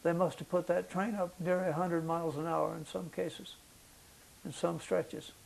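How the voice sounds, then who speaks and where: An older man with a high-pitched voice for a man and a gravelly edge to it, speaking in an oral history interview. He recalls the past slowly and haltingly, with frequent uh's and restarts as he works to remember. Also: level tone, darkish tone, a little hiss or hum, rough recording. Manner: halting recollection with many fillers. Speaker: veteran interviewee.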